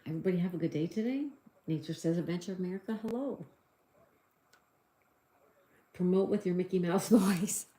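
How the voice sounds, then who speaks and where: Woman, middle-aged, livestream host, mellow low voice, echoey room, giggly, chatty. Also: normal speed, long pauses. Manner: chatty, giggly, reads out chat messages. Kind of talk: casual livestream chat reading viewer comments.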